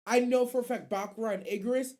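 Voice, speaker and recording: A woman hosting a casual anime radio show, animated and slangy, rambling and swearing freely. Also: a little high, fast. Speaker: host.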